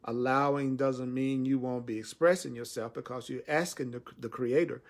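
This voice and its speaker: A man teaching spirituality on a live stream, slowly and emphatically, repeating key phrases and speaking directly to his viewers. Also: mid-range voice, steady tone. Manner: slow, repetitive and emphatic; addresses viewers and reads their comments.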